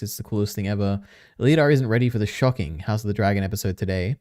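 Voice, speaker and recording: In clean, echo-free studio sound, a man with a fairly low, darkish voice talks quickly during a casual live stream. He reads on-screen text aloud, trails off, and mutters to himself.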